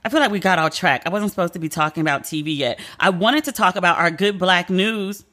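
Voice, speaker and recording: A woman's voice: fairly low pitch, fast, a bit bright. A woman hosting a solo podcast, chatting candidly with strong opinions and casual slang. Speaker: podcast host. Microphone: podcast mic.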